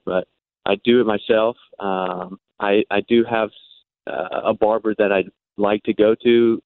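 A baseball pitcher on a phone interview, talking in a halting way with many ums and restarts, his Worcester accent mostly softened. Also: smooth, no echo. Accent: Worcester, Massachusetts, mostly softened. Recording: tinny phone line.

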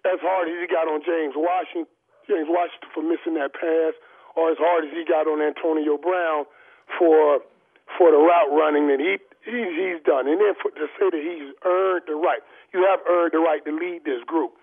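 A man's voice: a little high, fairly even intonation, normal speed, husky. A man talking football as a guest analyst over the phone, emphatic, repeating words and restarting often, with the hiccups. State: has hiccups. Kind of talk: sports talk on the phone. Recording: tinny phone line.

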